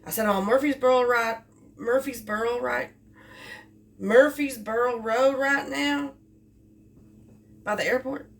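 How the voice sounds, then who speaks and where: A woman's voice: fairly high pitch, measured pace, long pauses. Rambling woman, distant mic. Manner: rambling, repeats herself. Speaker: delivery driver. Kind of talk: casual storytelling vlog. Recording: distant mic with faint background noise.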